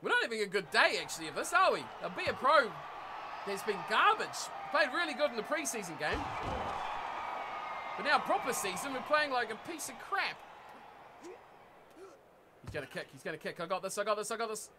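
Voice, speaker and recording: A man with a New Zealand accent giving excitable live commentary while playing a rugby video game, often yelling at the screen. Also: very high voice, normal speed, pauses often, background noise. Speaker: gaming YouTuber.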